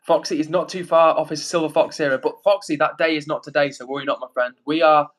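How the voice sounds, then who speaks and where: This young male streamer answers his viewers in a loose, rambling way, full of fillers and restarts. His voice sits a little higher than most men's. He talks casually, like a friend chatting live. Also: fairly even intonation, quick pace, a bit bright. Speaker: livestream host reading chat.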